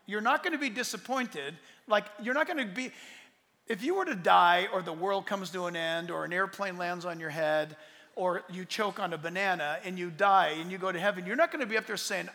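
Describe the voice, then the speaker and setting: A man in his sixties, a pastor answering audience questions in an emphatic, rambling way that swings between loud and soft. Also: sits high, fairly quick. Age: 60s. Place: large hall with audience. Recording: long hall reverb.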